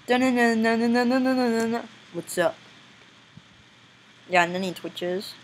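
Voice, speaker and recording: A young woman giving casual gameplay commentary, excitable and squealing now and then, often breaking into silly voices. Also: lowish voice, moderate pace, slight background noise, poor audio. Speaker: gameplay video maker.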